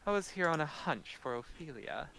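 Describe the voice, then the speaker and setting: A man's voice: fairly high pitch, animated, moderate pace, gravelly, background noise, pitched above the performer's own voice. A man voicing Archmage Yosar, an aloof, teasing woman sorceress, in a tabletop game. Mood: breezy.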